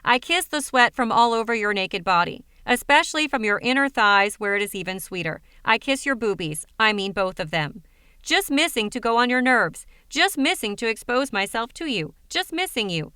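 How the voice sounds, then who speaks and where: A lovestruck foreign man pours out a clumsy, overly intimate letter, read by a woman narrator. The voice is bright and crisp. It sits fairly high for the role. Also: expressive, moderate pace, no echo, clean studio sound. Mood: amorous.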